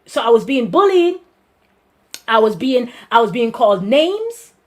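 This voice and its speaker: A Guyanese woman pastor telling her life story in an animated way, with lots of repetition and restarts. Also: on the high side, a little slow. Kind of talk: personal testimony to a congregation.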